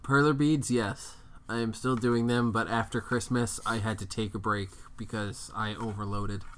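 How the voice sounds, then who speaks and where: A man's voice: lowish voice, fairly even intonation, moderate pace, fairly bright tone. A young man co-hosting a casual podcast chat, joking and swearing with friends. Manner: joking, profane, trailing laughs. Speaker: podcast co-host.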